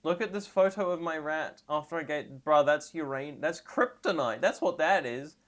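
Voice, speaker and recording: A trans woman streaming live and reacting to memes, rambling and sarcastic with deadpan asides, and tired. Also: sits low, normal speed.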